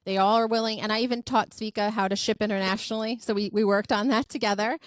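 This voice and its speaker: A woman's voice: mid-range voice, fast, no room sound. A woman hosting a podcast in casual chat, talking in a chatty, effusive way with plenty of filler words. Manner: lively storyteller who acts out quoted dialogue. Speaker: podcast host.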